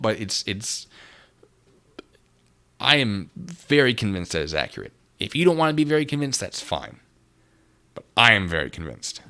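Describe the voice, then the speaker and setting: A man streams live at a desk microphone, giving sarcastic commentary with joking asides and thanking viewers for donations. His low voice moves up and down a lot and has a bright, forceful edge. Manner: sarcastic, animated, laughing asides; reads donations and chat aloud.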